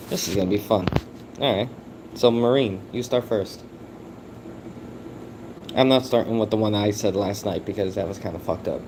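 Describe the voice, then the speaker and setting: A tired man chatting casually and profanely on a late-night livestream from his phone at home, with sudden loud, excited outbursts. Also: on the low side, a little slow, pauses often, background noise. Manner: loose, profane, laid-back talk with sudden loud excited bursts. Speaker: live streamer.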